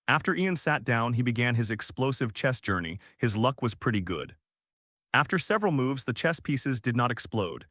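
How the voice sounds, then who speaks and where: Male narrator for fan fiction: steady storyteller, mid-range pitch, dry close sound. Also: dry recording. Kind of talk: reading fan fiction aloud.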